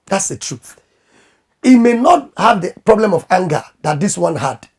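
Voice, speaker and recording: A man who is a pastor and marriage coach, giving animated advice in conversation and acting out quoted voices. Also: high-pitched, normal speed, slightly rough.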